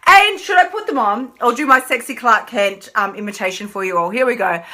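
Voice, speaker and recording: Bright, playful woman coach. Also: a little high, animated, fast talker, few pauses. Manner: playful, emphatic, repeats phrases for effect. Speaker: weight-loss coach. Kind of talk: live-stream motivational talk.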